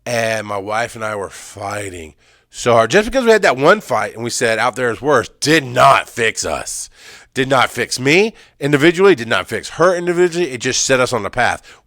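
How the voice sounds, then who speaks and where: A man's voice: fairly low pitch, fairly bright tone, dry recording, studio quality. A middle-aged man, an EMS worker, candidly telling a painful personal story in an intense, emphatic way, often repeating phrases.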